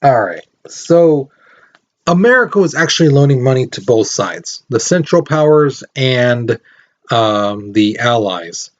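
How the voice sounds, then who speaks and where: A man's voice: medium pitch, lively intonation, unhurried, muffled recording. A man teaching a recorded history lesson in a casual, rambling way, with lots of fillers.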